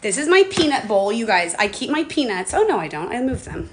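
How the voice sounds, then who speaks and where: A woman's voice: on the high side, sing-song, fairly quick, a little hiss or hum. A woman in her forties chatting casually on a livestream from her phone, rambling and emotional, with casual swearing. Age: 40s. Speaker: livestream host. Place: home, stepping outdoors to a bird feeder.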